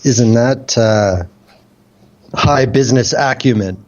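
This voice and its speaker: A man's voice: medium pitch, takes it slowly, a little mellow, highs cut off. A man from Canada, co-hosting a radio chat show in a blunt, sardonic way and swearing freely. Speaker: radio co-host.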